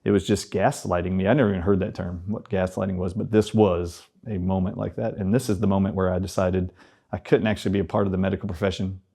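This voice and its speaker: A guest on a talk show, a man telling a story in a low, warm voice. he speaks with animation and acts out each remembered line of dialogue in turn. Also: flat delivery, fast, vocal fry. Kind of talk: storytelling in a conversational interview.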